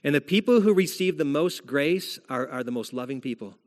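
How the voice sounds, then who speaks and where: A male pastor with a slightly higher-than-usual voice preaches in a conversational, storytelling way. He walks the congregation through scripture as if chatting. His voice rings out with a long hall reverb from the church sanctuary. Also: animated, fairly quick, darkish tone. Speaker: senior pastor. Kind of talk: sermon.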